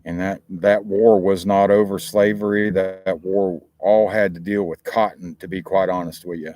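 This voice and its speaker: Chatty low-voiced Southern American man. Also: level tone, moderate pace, warm tone, no echo, clean studio sound. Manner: rambling, chatty, informal with frequent cursing and restarts. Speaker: talk show host. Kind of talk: casual live-stream chat. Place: outdoors, chilly.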